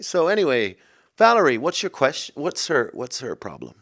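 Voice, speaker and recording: A man hosting a comedy podcast, rambling excitably from one silly tangent to the next. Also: medium pitch, normal speed. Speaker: podcast host. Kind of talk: rambling comic chat.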